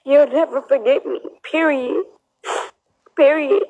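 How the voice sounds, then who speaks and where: A woman's voice: high-pitched, slow, narrow, tinny audio, a little hiss or hum. A young adult woman crying as she speaks on a phone livestream, emphatic and defiant, repeating herself. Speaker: social media livestreamer. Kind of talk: emotional livestream monologue.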